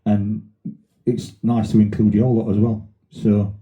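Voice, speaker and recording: A man's voice: lowish voice, little pitch movement, measured pace, mellow, lo-fi sound. Sweary Sheffield man hosting a podcast. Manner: rambling, sweary storyteller. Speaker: podcast host. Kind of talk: casual banter.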